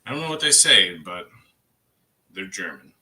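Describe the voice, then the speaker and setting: A man's voice: low voice, big pitch swings, moderate pace, pushed and bright. A man co-hosting a casual livestream, chatting in a rambling way and laughing easily. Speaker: livestream co-host. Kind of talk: casual chat.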